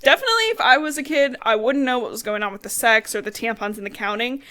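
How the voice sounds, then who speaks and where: Chatty young woman co-host, fairly high. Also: fast, bright, forceful tone. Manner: chatty, swears freely, acts out characters' lines. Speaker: podcast co-host. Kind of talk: casual book recap chat.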